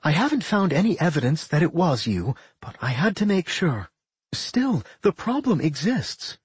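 A man voicing a worried, sharp-minded female pixie who thinks aloud and scolds her partner. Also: a little high, very animated, moderate pace, slightly rough, no room sound, voice pushed up, heavily acted.

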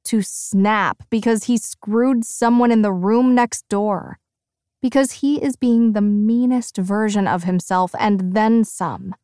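A woman narrating a first-person audiobook with expressive, lively storytelling. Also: mid-range voice, dry recording, studio quality.

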